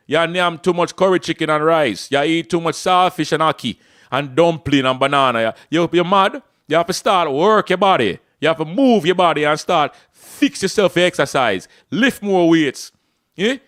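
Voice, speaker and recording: A rough country Jamaican man, put on by a man with a thick Jamaican accent, barking loud scoldings and firing off rhetorical questions. The voice sits a little high, with a tense, pushed edge from the volume. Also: no room sound, studio quality.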